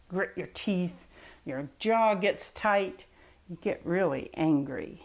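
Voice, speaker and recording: Slow, patient woman leading kids' yoga. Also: lowish voice, lively intonation, gravelly. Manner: patient, encouraging coaching of children. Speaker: children's yoga teacher. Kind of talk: storybook reading with kids' yoga instruction.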